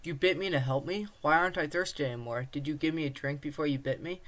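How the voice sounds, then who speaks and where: A parched, bewildered man stranded in the desert asks question after question, as a male reader voices him. His voice sits slightly high for a man. He sounds lost and uncertain. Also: quick pace, fairly bright tone, natural voice. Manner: confused, questioning.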